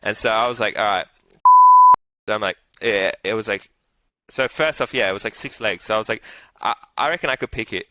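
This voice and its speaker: A man's voice: on the low side, a little fast, bright, forceful tone, rough recording. A young Australian man casually telling a betting story, rambling with lots of "like", swearing and laughs. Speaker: interview guest, punter.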